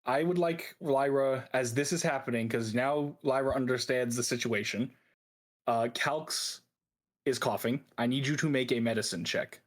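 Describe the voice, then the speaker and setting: A man's voice: mid-range voice, moderate pace. A man narrating as game master of a tabletop game, often laughing while he talks.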